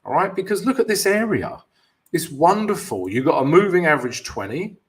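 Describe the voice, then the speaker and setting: A man's voice: fairly high pitch, very animated, brisk. A man hosting a live trading stream, walking viewers through charts and greeting them by name, with frequent "yeah" and "guys". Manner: explanatory, peppered with "yeah" and "guys", reading out viewer names.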